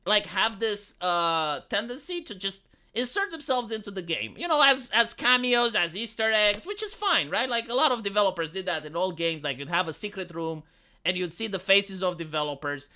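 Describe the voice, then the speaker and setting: A woman with a Romanian accent and a squeaky voice, ranting heatedly on a casual live stream and often stumbling over repeated words. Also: expressive, normal speed, sharp tone. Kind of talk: casual livestream chat.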